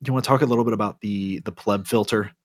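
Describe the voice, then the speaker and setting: A man with a lowish voice hosts a casual podcast. He talks in an animated way, swearing freely and leaning on fillers. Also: very fast. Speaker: podcast host.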